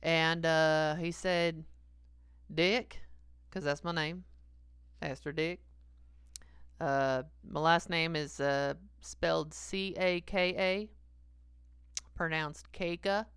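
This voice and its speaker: A woman's voice: sits low, steady tone, takes it slowly, pauses often, fairly bright tone, smooth, no room sound, studio quality. A woman playing a sleazy, confessional 48-year-old male pastor who rambles hesitantly, with lots of fillers, and chuckles at himself. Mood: rambling. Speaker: comedic character sermon. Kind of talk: stream-of-consciousness comic sermon.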